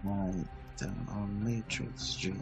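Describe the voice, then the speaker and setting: A man with a fairly low voice chats as a player at a tabletop game. He makes offhand, joking remarks while clear music runs behind him. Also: fairly even intonation, slow pace. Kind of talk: casual tabletop game chat.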